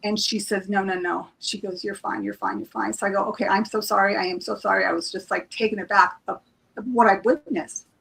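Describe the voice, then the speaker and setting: Gravelly woman telling an emotional story. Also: mid-range voice, fairly quick, poor audio. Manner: emotional, animated retelling with many restarts and acted-out quotes. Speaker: psychic reader, guest. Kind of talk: casual storytelling on a live stream.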